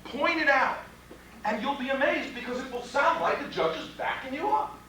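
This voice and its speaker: A man lecturing a room of lawyers, his high, bright voice leaping up and down as he throws out rhetorical questions and salty asides. He is heard from some way off in a very echoey room. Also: moderate pace, far from the mic, a little hiss or hum. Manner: animated, rhetorical questions, blunt and profane. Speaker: criminal defense trial instructor. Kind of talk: live workshop lecture. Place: training room with audience.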